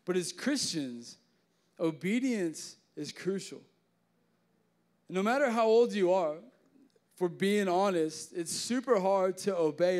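A young man preaching a youth sermon, telling jokes and stories with lots of casual fillers. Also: sits high. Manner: joking, animated storytelling with many fillers. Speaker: youth pastor.

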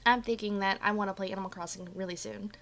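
A woman's voice: medium pitch, steady tone, fast, a bit bright. A woman streaming from her apartment, chatting with live viewers, her voice a bit dry and coughy after just waking up. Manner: bubbly, chatty, greets viewers by name. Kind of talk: casual chat with live viewers. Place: home apartment. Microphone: desk mic.

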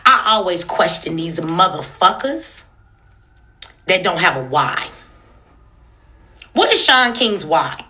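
Woman, young adult, angry rant, profane, rhetorical questions, lively pitch. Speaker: social media commentator. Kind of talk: heated commentary rant.

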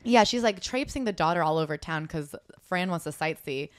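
Young comedian woman talking fast, kinda low voice, animated and sweary, dry close mic. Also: dry recording. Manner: animated, acts out quotes, swears freely. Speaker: comedian podcast co-host. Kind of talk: casual comedic book-club chat.

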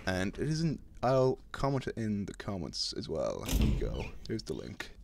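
A young Irish man streaming a video game, chatting casually with his viewers between drawn-out ums. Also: fairly low pitch, huge pitch swings, vocal fry, heavy background noise. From Ireland. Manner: laid-back, drawn-out ums, greets chat. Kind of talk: casual live-stream chat while gaming.

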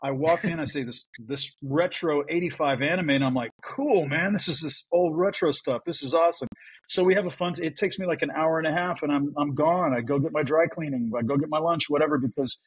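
A man's voice: a little high, fast, hardly any pauses, husky, no echo, poor audio. A man, a voice actor guest on a podcast, telling casual anecdotes and acting out quotes. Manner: animated, acts out quotes in voices.

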